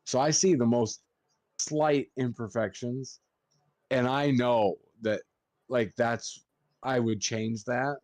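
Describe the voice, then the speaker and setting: A man's voice: medium pitch, fairly even intonation, takes it slowly, darkish tone, no echo. A man who works as a funeral director, chatting on a podcast and swearing freely as he tells stories. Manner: swears a lot while telling stories. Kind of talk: casual podcast chat.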